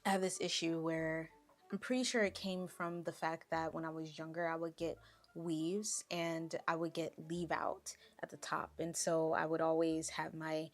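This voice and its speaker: A woman vlogger chatting casually and reading an online story aloud, with playful asides. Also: deep voice.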